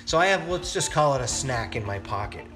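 A man's voice: medium pitch, expressive, a little fast. Guy telling crude stories on his podcast, rambly, swears a lot, music in the back. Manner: rambling, profane, laughing. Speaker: podcast host. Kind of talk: casual storytelling.

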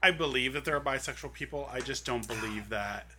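A man acting as the quiet sidekick in a casual chat, with a dry way of speaking. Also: medium pitch, brisk, background noise.

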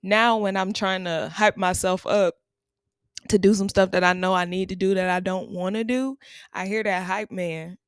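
A woman's voice: medium pitch, fairly even intonation, smooth, no room sound. A woman in her thirties, a teacher, hosting a podcast and telling stories in a chatty, laughing way. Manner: chatty, laughing often, drawn-out repeats. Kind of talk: casual storytelling monologue.

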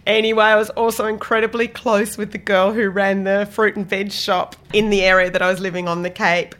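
A woman's voice: medium pitch, little pitch movement, fairly quick, fairly bright tone. An Australian woman hosting a solo podcast, telling a self-mocking kitchen anecdote in a chatty way. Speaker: podcast host and private chef.

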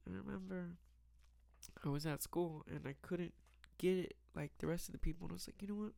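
A man giving a casual, rambling Bible reflection, reading verses aloud and filling pauses with "um" and "like.". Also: sits high, fairly even intonation, creaky, warm tone, no echo. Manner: rambling, many fillers, reads scripture aloud.

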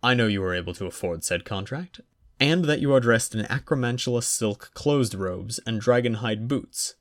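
A man voicing a calm middle-aged lord and father who lists his reasons in a measured, deliberate way. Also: mid-range voice, natural voice. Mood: persuasive.

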